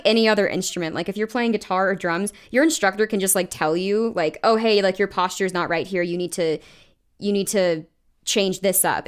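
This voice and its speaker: A woman's voice: mid-range voice, clean tone. A woman singer chatting casually on a livestream while recording vocals, laughing often and saying "like" a lot. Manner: chatty, quick laughs, frequent "like".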